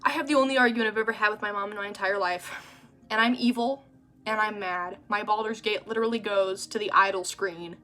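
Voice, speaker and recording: A young adult woman giving an exasperated, animated rant in a casual vlog. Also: medium pitch, brisk. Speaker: vlogger. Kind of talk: ranting vlog monologue.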